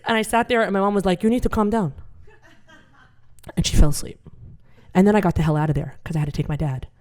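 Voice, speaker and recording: A woman telling a funny true story on stage before a live audience, with a lively, punchy comic delivery. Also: mid-range voice, fast talker. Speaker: storyteller and attorney.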